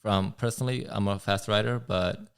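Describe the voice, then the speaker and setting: A man's voice: on the low side, fairly even intonation, moderate pace, creaky, clean tone. A man talking as a podcast guest in a casual conversation, reflective and restarting his sentences often. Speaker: guest rider.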